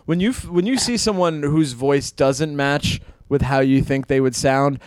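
A man's voice: on the high side, moderate pace, darkish tone, smooth, no room sound. Casual, swearing male podcast host. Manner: loose, swearing storyteller. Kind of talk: casual comedy banter.

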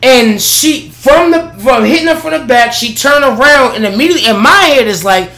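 A man's voice: very high voice, brisk, bright, forceful tone. A man co-hosting a podcast, telling stories in a brash, emphatic way and laughing often. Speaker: podcast co-host. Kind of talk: casual chat. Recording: roomy echo.

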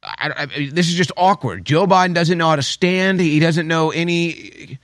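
A man's voice: fairly high pitch, moderate pace, a bit bright, dry recording, studio quality. A man giving an opinion commentary monologue, emphatic and sarcastic, with a habit of repeating phrases for effect. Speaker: political commentator.

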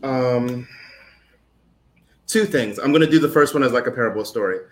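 A man telling a story in a casual, animated way, acting out what people said and laughing often. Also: medium pitch, normal speed. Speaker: guest. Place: home setup with clip lights.

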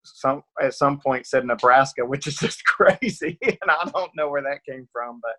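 A man's voice: medium pitch, normal speed, bright, forceful tone. A man from Northeast Georgia with a rural Georgia accent, answering interview questions as an actor guest in a chatty, self-deprecating way, laughing often and restarting his sentences.

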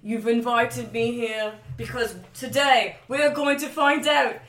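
Woman acting out a hammy impression guest, high, bright, echoey room, off-mic. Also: steady tone, takes it slowly, recorded from a distance. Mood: showy. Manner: hammy, playful. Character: visitor doing a celebrity impression, hammy woman. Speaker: guest comedian. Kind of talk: improv comedy podcast.

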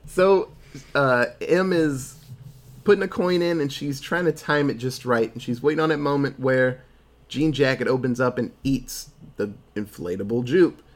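A man on a podcast casually retelling a film's plot and putting on quick voices for the characters. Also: mid-range voice. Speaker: podcast co-host. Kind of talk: casual movie recap.

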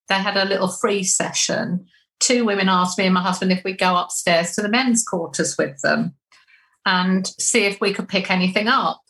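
Bright-voiced woman telling stories. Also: mid-range voice, poor audio. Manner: chatty, anecdotal storyteller. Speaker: medium. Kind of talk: interview storytelling.

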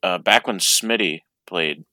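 A man's voice: low voice, measured pace, sharp tone, no echo, studio quality. A man chatting casually on a podcast, laid-back, with short replies and some swearing. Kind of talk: casual chat.

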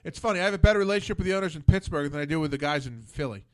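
High-voiced man rambling, profane host. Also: lively intonation, very fast, no echo. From Philadelphia area. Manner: rambling, profane storytelling with many restarts. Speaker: podcast host. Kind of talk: casual chat.

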